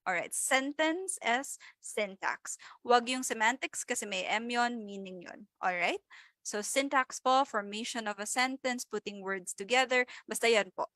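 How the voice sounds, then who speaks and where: A woman's voice: a little high, a bit bright, no echo. A young woman with a Filipino accent coaching an exam review live, mixing English and Filipino and politely reading viewers' answers. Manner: Taglish, code-switching between English and Filipino.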